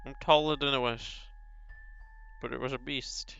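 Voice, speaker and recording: A man reading a visual novel aloud, voicing a brooding male beast who longs to be human, slow and solemn with pauses. The sound is slightly dull and lo-fi. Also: mid-range voice, steady tone, vocal fry, a bit bright, clean tone, soft background music.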